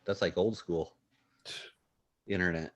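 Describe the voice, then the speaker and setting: A man's voice: low voice, steady tone, a little slow. A man chatting casually on a podcast, adding dry quips. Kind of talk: casual chat.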